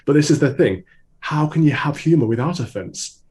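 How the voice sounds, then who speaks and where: A man's voice: on the high side, expressive, normal speed, darkish tone. A man appearing as a commentator guest on a radio debate, arguing in an assured, argumentative way. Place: remote link.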